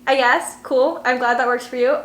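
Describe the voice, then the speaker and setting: A woman's voice: sits high, steady tone, normal speed, a bit bright, echoey room. A young woman hosting a casual chat, telling stories with lots of fillers and laughs. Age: young adult. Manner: chatty storytelling with frequent laughter and fillers. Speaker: channel host.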